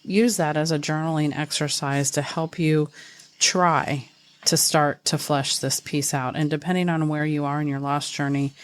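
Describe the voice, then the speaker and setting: A low-pitched, middle-aged woman speaks alone into her podcast mic in a thoughtful, earnest way. She slows down to press on single words. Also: steady tone. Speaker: podcast host. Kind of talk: reflective solo podcast talk.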